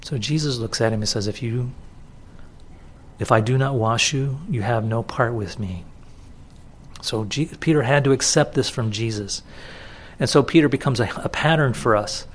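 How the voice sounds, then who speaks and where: Guy preaching a sermon, mid pitch, chatty, keeps repeating stuff for emphasis. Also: normal speed, a little hiss or hum. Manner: conversational, repeats words for emphasis. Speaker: pastor. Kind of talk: expository sermon.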